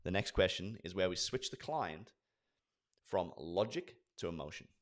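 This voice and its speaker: A man in his forties, a sales trainer, giving an energetic lesson and acting out sales dialogues. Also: sits low, normal speed. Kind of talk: instructional talk with acted role-play.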